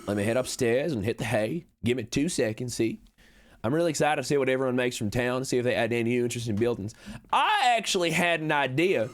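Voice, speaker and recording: A man streaming a game in character as a chatty cowboy con man, reading chat with folksy talk and sudden high excited jumps. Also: a little fast.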